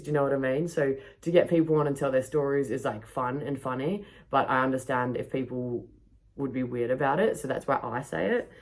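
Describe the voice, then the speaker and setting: Low-pitched woman host, loose profane storyteller who laughs through her tales. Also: darkish tone. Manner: swears freely, laughs often, many fillers. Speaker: podcast host. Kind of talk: casual storytelling monologue. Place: backyard.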